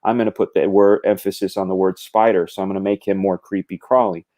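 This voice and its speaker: A man's voice: low-pitched, fairly even intonation, fast, mellow. A middle-aged man in casual conversation, animatedly explaining drawing craft with gestures and quoted thoughts. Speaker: comic book artist guest.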